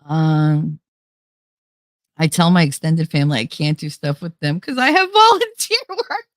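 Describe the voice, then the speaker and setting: Woman vlogger, middle-aged, rambling and joking, lowish voice, dry close sound. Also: very animated, measured pace, dry recording. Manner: rambling, joking, laughs often. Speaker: YouTube channel host. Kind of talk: casual chat to viewers.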